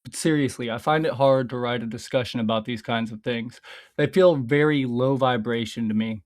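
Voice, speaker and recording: A man's voice: mid-range voice, normal speed. A man streaming casually, reading his own scripts aloud in a loose, rambling way, swearing a lot and often stopping to laugh at his own lines.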